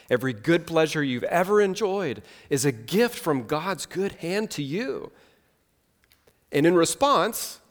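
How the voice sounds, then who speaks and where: A male pastor delivers a sermon in an earnest, measured way, often slowing to stress key words. His pitch rises and falls with lively movement. The voice carries a long reverb, as in a large hall. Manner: earnest, measured preaching with slow emphatic pauses.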